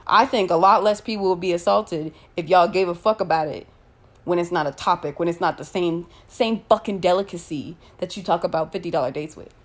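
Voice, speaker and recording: A woman delivering an angry, profane rant full of rapid rhetorical questions. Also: on the low side.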